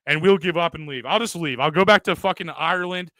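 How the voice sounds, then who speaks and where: A man hosting a podcast, ranting loudly with constant profanity and mock bragging in crude comedic banter. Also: on the high side, fast, no room sound. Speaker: podcast host.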